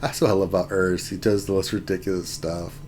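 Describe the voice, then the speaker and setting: A man hosting a casual gaming livestream, talking through his game, with loud exclamations and laughter. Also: sits low, flat delivery, quick pace, a little hiss or hum. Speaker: livestream host.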